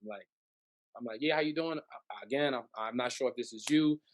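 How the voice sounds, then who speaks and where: A man's voice: mid-range voice, brisk. A man from the Bronx, a podcast guest telling a personal story in casual chat, acting out the voices of the people in it. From the Bronx, New York. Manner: animated, acts out voices in his stories.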